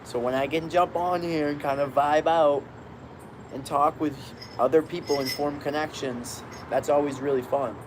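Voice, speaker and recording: Upbeat man, slightly high voice, chatting casually to viewers from a balcony hammock, street sounds audible behind. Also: steady tone, normal speed, background noise. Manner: rambling, upbeat, greets viewers by name. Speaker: live-stream host. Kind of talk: casual live-stream chat. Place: outdoors on a balcony, lying in a hammock.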